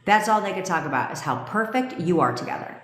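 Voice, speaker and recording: Woman, lower-pitched, blunt and profane live-stream coach, laughs easily, echoey room. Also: lively intonation, fast talker. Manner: reads and answers viewer comments. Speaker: manifestation coach. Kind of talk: casual livestream chat.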